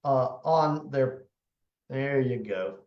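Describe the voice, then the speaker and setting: A man's voice: medium pitch, takes it slowly. An older man with a drawl explains the law in a folksy, rambling way, often stopping to restart with an "uh." His voice sounds roomy and a little dull, as if recorded in a bare studio. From Florida. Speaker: attorney and show host. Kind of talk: casual legal talk show chat.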